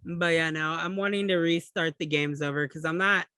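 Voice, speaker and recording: Man, fairly high voice, dry close sound, relaxed chatty podcast co-host, casual swearing. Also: moderate pace, smooth, dry recording. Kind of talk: casual gaming chat.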